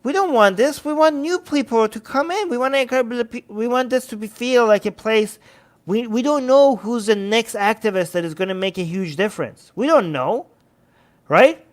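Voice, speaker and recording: Speaking at a moderate pace in a very high-pitched voice, this man hosts a livestream, chatting casually and reading out messages from the chat. He is animated and frequently restarts what he's saying.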